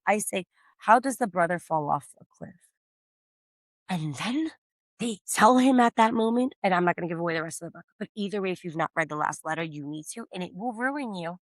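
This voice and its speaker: A woman's voice: fairly low pitch, fairly quick, no room sound. A woman co-hosting a book podcast, chatting casually and telling stories with lots of swearing and big swings in energy. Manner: animated, swearing, storytelling. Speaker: podcast co-host. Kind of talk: casual chat.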